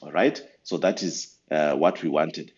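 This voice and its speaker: A man giving a patient step-by-step software tutorial over a screen recording. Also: rumbling low, a little slow, muffled recording. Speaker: software trainer.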